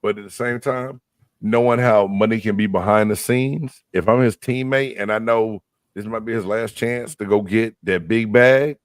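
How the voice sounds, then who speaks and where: A man with a fairly low voice co-hosts a sports podcast, talking loose and streetwise, jumping up in pitch when he makes a point. The sound is dry and close, with no room around him. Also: normal speed, no echo. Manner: animated, emphatic, streetwise slang. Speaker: podcast co-host, former pro football player. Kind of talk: casual sports podcast talk.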